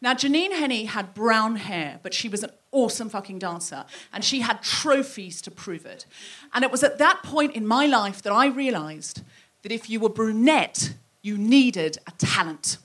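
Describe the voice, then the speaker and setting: Bright, lively woman telling a stand-up story. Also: fairly high pitch, normal speed, breathy edge. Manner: animated, acts out quoted voices. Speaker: comedian. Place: live theatre stage. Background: audience laughter.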